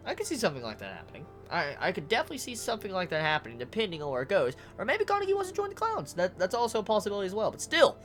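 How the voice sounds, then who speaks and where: A manga reviewer giving casual video commentary, ranting excitably with lots of swearing and stuttered repeats. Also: medium pitch, very fast, few pauses, soft background music.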